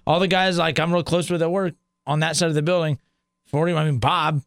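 Fast-talking young man telling rambling stories. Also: on the high side, fairly even intonation, vocal fry, no room sound, studio quality. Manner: rapid rambling storytelling, acts out quotes. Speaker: guest, radio station sales staff. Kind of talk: casual podcast chat.

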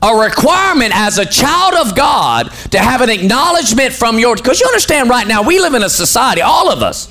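A man's voice: very high-pitched, big pitch swings, brisk, few pauses, bright, forceful tone, faint music behind. A man preaching a sermon as pastor, putting questions to his congregation and waiting for them to answer.

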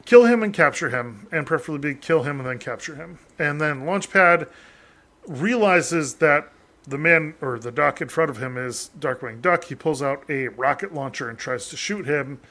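A man's voice: a little high, animated, normal speed, sharp tone. A man hosting a casual podcast with friends, laughing often, swearing and joking at his own expense. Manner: laughing, swearing, self-mocking. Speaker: podcast host.

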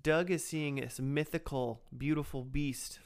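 A man co-hosting a podcast, retelling cartoon scenes in relaxed, joking casual chat. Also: a little high, a little slow, clear, resonant tone. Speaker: podcast co-host recapping a cartoon.

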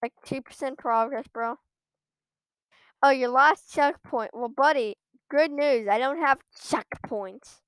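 High-voiced woman ranting over gameplay. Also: slow pace, fairly bright tone, clear, resonant tone, no echo. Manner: exasperated ranting with frequent outbursts. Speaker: gamer streaming her own play. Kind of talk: live gameplay commentary. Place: at a computer.

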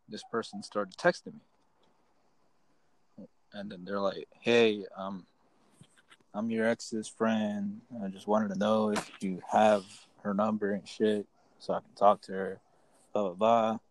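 A man's voice: lowish voice, steady tone, measured pace, long pauses, poor audio. A young man telling a rambling, profane story to his friends in casual chat. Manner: rambling, profane, restarts often.

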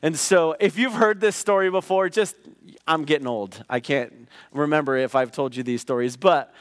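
A middle-aged man preaching a sermon, telling a personal story in a conversational way that rises into loud acted outbursts. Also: a little high, moderate pace, no room sound, clean studio sound. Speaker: pastor.

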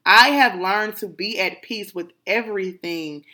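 A woman's voice: mid-range voice, unhurried, bright, forceful tone. A woman, talking through a personal reflective monologue, emphatic and repeating phrases of gratitude like a prayer.

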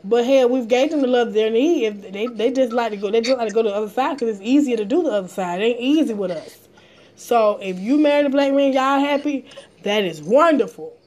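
A woman, a driver telling blunt, animated stories in casual chat, acting out both sides. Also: fairly high pitch, fairly quick. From Atlanta, Georgia area. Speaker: rideshare driver sharing stories.

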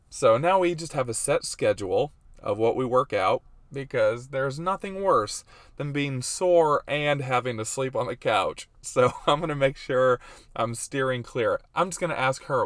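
A man's voice: medium pitch, no echo, studio quality. A man in his thirties hosting a casual faith and life vlog, chatty and self-deprecating, laughing often. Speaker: host.

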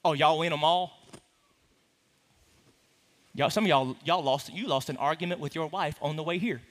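A man preaching a sermon to a congregation, animated and playful, with teasing asides to the room. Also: a little high, moderate pace. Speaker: pastor. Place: large hall with a congregation. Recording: reverberant hall.

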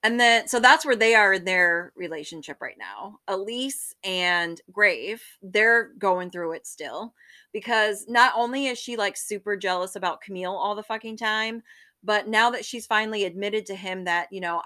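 A woman's voice: mid-range voice, moderate pace, bright, forceful tone. A woman in casual conversation, recapping a book's plot and acting out the characters' lines with casual swearing. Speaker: book discussion co-host. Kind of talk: casual book chat.

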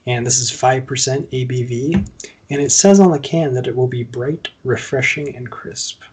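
A man hosting a casual podcast about beer, easygoing and quick to laugh. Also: medium pitch, fairly even intonation, husky. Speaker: podcast host. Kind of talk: casual chat.

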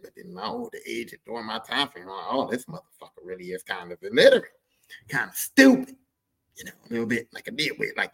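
A man hosting a podcast, telling a profane, animated story in a casual monologue and slipping into other people's voices. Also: mid-range voice, creaky, husky, low-quality recording. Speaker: podcast host.

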